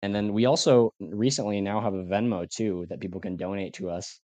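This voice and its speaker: A man's voice: on the low side, steady tone, brisk, a little mellow, dry recording. A young man, a student team captain, speaking as a podcast guest in a hesitant, earnest way with many fillers. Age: young adult. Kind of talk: casual podcast interview.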